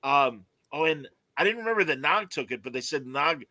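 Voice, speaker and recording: A man hosting a podcast in casual chat, animated and laughing as he acts out quoted lines and reads comments aloud. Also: a little high, fairly quick, no echo. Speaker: podcast host.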